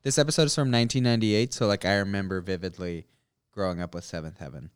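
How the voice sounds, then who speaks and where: A man co-hosting a casual podcast, trading quick jokes with his friend. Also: low voice, clear, resonant tone, dry recording, clean studio sound. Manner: quick, joking banter. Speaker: podcast co-host. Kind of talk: casual chat.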